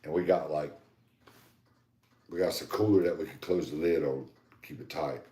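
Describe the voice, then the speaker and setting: A man co-hosting a podcast, telling a loose, rambling story in a casual, animated and profane way. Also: a bass voice, normal speed. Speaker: podcast co-host. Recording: echoey room.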